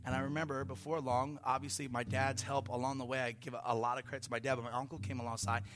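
A man preaching a conversational sermon in a church, telling a story in an animated way with playful asides. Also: medium pitch, fast talker. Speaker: pastor.

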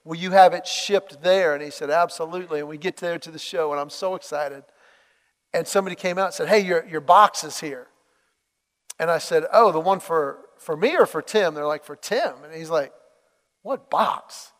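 A man preaching a sermon, telling a story with lively acted-out dialogue. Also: a little high, moderate pace, big-room sound. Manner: animated storytelling, acts out quoted dialogue.

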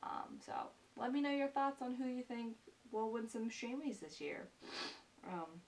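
A young woman vlogger chatting earnestly to her viewers, gushing with praise and filling pauses with ums and repeated words. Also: fairly high pitch, expressive, darkish tone. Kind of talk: casual chat to camera. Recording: distant mic with faint hiss.

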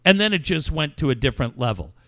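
A male podcast host reminisces in loose, profanity-laced chat. His voice sits a little high and swings widely in pitch as he tells stories. The recording is dry, with no room sound. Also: animated, fast talker, a bit bright, no echo. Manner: profane, rambling storyteller.

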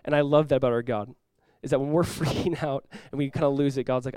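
A man, a pastor, preaching a sermon in an animated way, acting out voices with sudden loud bursts. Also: medium pitch, quick pace, clear, resonant tone, no echo.

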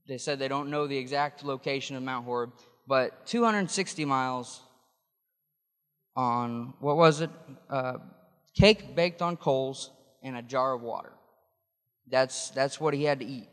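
A man's voice: medium pitch, unhurried, pauses often, a bit bright, clear, resonant tone, long reverb tail. A man preaching a sermon, explaining scripture in a conversational way with frequent restarts. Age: adult.

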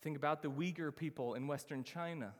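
A man preaching a sermon as pastor, emphatic, slowing down to stress key phrases. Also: fairly high pitch, long reverb tail.

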